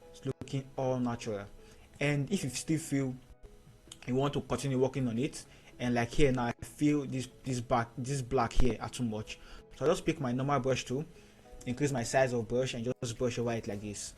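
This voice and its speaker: Man giving a step-by-step software tutorial. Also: mid-range voice. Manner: steady step-by-step instructions, repeats key points. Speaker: photo editing tutor. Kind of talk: screen-recorded software tutorial.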